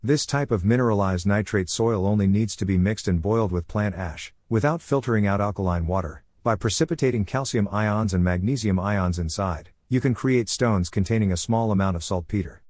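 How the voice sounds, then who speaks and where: A man reading a scripted story recap in a flat, even narration style on a close mic. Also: fairly low pitch, a little fast, hardly any pauses, no room sound.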